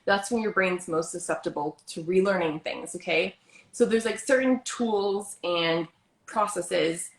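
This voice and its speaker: A woman's voice: lowish voice, normal speed. A woman hosting a casual chat, talking in a chatty, upbeat way and filling her sentences with "like.". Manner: chatty, many "like" fillers, upbeat. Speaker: host. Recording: roomy echo.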